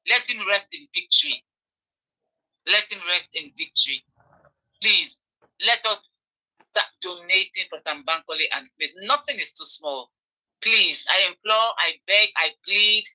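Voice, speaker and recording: A woman's voice: medium pitch, pushed and bright, poor audio. A Nigerian woman giving impassioned commentary, repeating phrases for emphasis and pleading with her audience. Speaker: online commentator.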